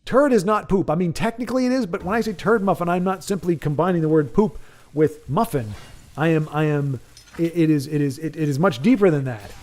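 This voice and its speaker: A man's voice: on the high side, brisk, darkish tone. A man hosting a live stream in a rambling, chatty way, reading viewer chat aloud and laughing often. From United States. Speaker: stream host.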